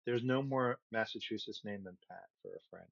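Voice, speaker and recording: A man's voice: lowish voice, normal speed, creaky, a bit bright, no echo, dull audio. A man co-hosting a podcast, chiming in with jokes in casual chat. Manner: joking interjections. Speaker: podcast co-host.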